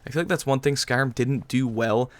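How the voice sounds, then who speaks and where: A man's voice: mid-range voice, brisk, no room sound. A man hosting a casual gaming video, chatting in a sarcastic, rambling way while he plays. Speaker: gaming channel host. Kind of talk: casual let's-play commentary.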